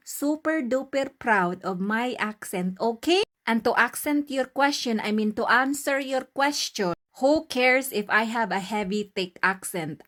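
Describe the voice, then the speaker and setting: A woman's voice: fairly high pitch, fairly bright tone. A woman from the Philippines with a thick Filipino accent, vlogging straight to the viewer in an emphatic, proud way. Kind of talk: direct-to-camera vlog monologue.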